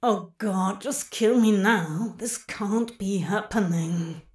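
A woman's voice: mid-range voice, takes it slowly, a little mellow, husky. A woman reading a story aloud and voicing an awkward, flustered young man who mumbles and hesitates. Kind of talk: fanfic audiobook reading.

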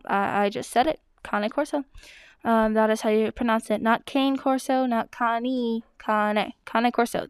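A woman's voice: on the high side, smooth, dry recording. A woman dog blogger answering common breed questions in a chatty, hesitant way, full of fillers. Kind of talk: casual Q&A vlog.

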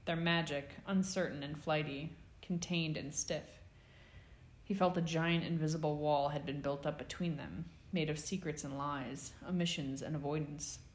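A woman narrating a fan fiction audiobook with a slow, measured reading. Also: low-pitched, fairly even intonation, echoey room.

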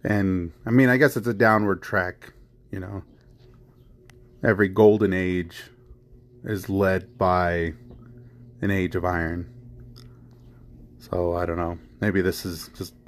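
With a low, flat voice, this American podcast host speaks slowly and pauses often over slight background noise. His casual talk is heated and meandering, full of repeated phrases, swearing, and the fillers "you know" and "I mean".

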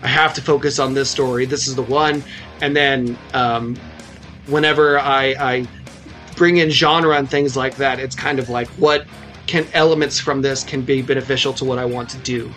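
A male writer talks as a guest on a casual podcast, his pitch sitting in the middle. He sounds thoughtful and self-deprecating, and leans on filler words as he goes. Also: fairly even intonation, moderate pace, fairly bright tone, soft background music.

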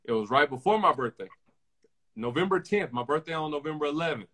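A young man hosting a casual podcast, talking in slang and telling animated stories with lots of repeated phrases. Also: a little high, fast. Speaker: podcast host.

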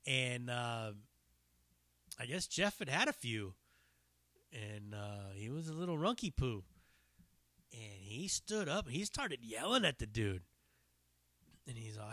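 A man's voice: mid-range voice, sing-song, measured pace, long pauses, pushed and bright, no echo. A man hosting his own podcast, a stand-up comic telling a long, loose, profane story with fillers and restarts. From Northern California. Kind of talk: casual rambling storytelling.

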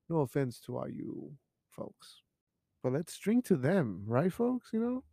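A man's voice: on the high side, sing-song, measured pace, gravelly, warm tone, no echo. A young man hosting a show in a home studio, rambling casually and swearing, with Spanish words mixed in. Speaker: podcast host. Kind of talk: casual chat.

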